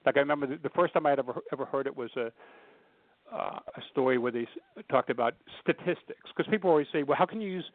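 A man's voice: mid-range voice, fast talker, no room sound. A man telling funny stories as a guest in an interview, acting out the voices of the people in them. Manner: animated storyteller acting out quoted voices. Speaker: guest humor speaker. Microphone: phone. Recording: tinny phone line.

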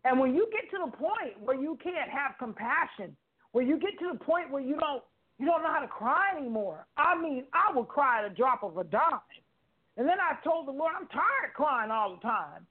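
A woman's voice: high voice, sing-song, normal speed. A woman in her fifties giving an emphatic, preacherly spiritual testimony on talk radio, repeating phrases and speaking colloquially. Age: 50s. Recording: phone-like narrow sound.

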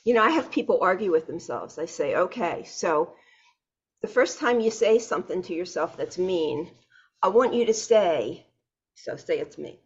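A woman hosting an interview, talking in an animated, emphatic way. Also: lowish voice, normal speed, breathy edge. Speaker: host. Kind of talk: conversational interview. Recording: dull lo-fi recording.

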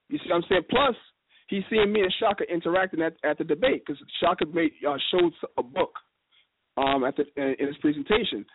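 A man talks quickly in a casual radio discussion, his voice sitting a little high and his stories full of lively quoted dialogue. He comes through a narrow, tinny phone line. A steady hiss runs under his words. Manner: fast, animated storytelling with quoted dialogue. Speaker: guest speaker.

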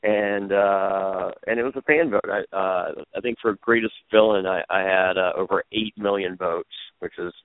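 A man with a deep, fairly even voice speaks at normal speed with no room sound, telling stories as a podcast guest and former reality show contestant. His casual interview storytelling rambles, full of restarts and fillers. The audio is lo-fi and phone-like.

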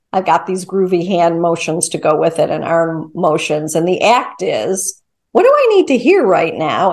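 A woman's voice: on the low side, gravelly. A woman guest, a mindfulness teacher, talking through her method in a casual, upbeat interview conversation. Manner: upbeat, animated explaining.

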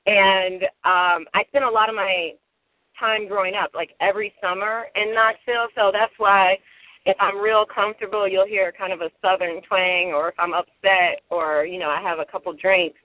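A woman's voice: medium pitch, moderate pace, no echo. A woman from Ohio, a matchmaker guest, chatting and telling stories with laughs in a phone interview. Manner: chatty, laughing, animated storyteller. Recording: tinny phone line, dry.

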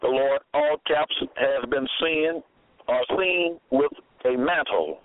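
A man lectures on scripture at an unhurried pace, hammering home phrases by saying them again and again. His voice comes through a thin, phone-like band with a dry, close sound. It sits at an everyday male pitch. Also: no room sound. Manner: slow, emphatic, repeats phrases. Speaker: radio Bible program host. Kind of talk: slow deliberate radio Bible lecture. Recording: tinny phone-like dry audio.

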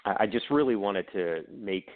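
Low-voiced Baltimore man telling stories. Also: moderate pace. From Baltimore area, Maryland. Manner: animated anecdotes, acts out quoted voices, frequent restarts. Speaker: guest, author and production company CEO. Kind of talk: casual interview storytelling. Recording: tinny phone-like audio.

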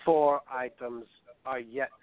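A man's voice: medium pitch, steady tone, clear, resonant tone, voice pushed down, lightly acted. A man doing a gloomy German film director. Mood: bleak solemn. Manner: slow, solemn, bleakly insulting. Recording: dry phone-like sound.

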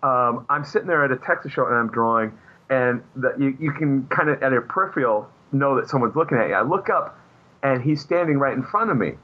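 A man's voice: mid-range voice, lively intonation, a little fast, dull audio. A man who is a comic book artist, a guest chatting casually and rambling with many fillers. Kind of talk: casual chat.

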